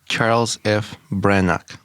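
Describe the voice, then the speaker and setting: A man with a lowish voice co-hosts a casual podcast in a laid-back, dry way. He mostly answers in short lines. The recording is close and dry. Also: fairly even intonation, slow pace, a bit bright, clear, resonant tone, no room sound. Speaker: podcast co-host. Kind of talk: casual banter.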